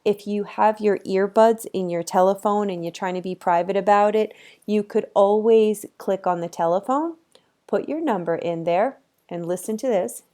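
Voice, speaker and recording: A woman's voice: mid-range voice, normal speed, mellow. A woman instructor giving a casual, chatty screen-recorded tutorial for her course, talking easygoing with frequent ums, on a computer microphone.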